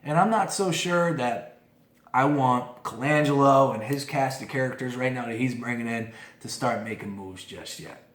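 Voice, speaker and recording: A podcast host who moved to Philadelphia as an adult delivers a fired-up sports-talk monologue full of opinions, restarts, and asides. His mid-range voice is fairly bright and moderately paced, and the recording has a roomy echo.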